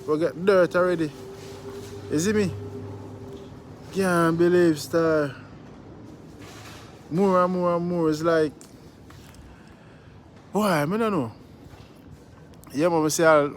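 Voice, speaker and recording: A man's voice: on the high side, slight background noise. A man with a Jamaican accent, hosting a casual vlog outdoors, laid-back and preachy, greeting passersby and tagging his sentences. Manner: laid-back, preachy, repeats "you see me" tags. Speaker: vlogger host.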